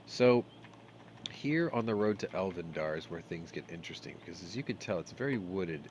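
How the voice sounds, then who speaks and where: A man's voice: low voice, brisk, slight background noise. A man hosting a retro game let's-play, reading the story text aloud in put-on voices and adding jokey asides. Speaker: gaming let's-play host.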